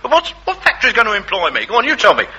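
A wheedling, scrounging tramp. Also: male voice, high-pitched, wildly swooping pitch, rapid-fire, very noisy. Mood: aggrieved. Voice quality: wheedling, working-class speech. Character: wheedling, self-pitying male tramp and ex-soldier. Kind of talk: sketch comedy acting.

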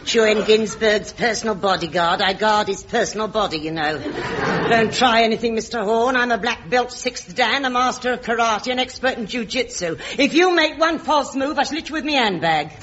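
A man voicing a boastful, tough female bodyguard in a shrill falsetto, in 1960s radio comedy. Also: moderate pace, a bit bright. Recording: dull old radio recording with hiss.

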